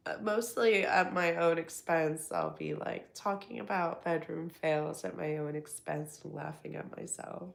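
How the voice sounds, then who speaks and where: Croaky, tired woman streaming with flu. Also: low-pitched, fairly even intonation. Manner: slow, drowsy talk, reading chat aloud. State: hoarse and congested from flu. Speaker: livestream host. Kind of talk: casual livestream chat.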